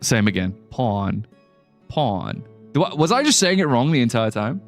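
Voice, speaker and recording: At a normal speed and with big swings in his mid-range pitch, a man chats with viewers over gameplay on a live stream. He rambles, jokes and laughs often, faint music in the background.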